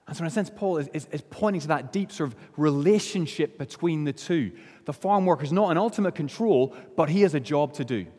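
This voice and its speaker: A man from Northern Ireland preaching a sermon, earnest, slowing and dropping low on key phrases. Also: a little mellow. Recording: long hall reverb.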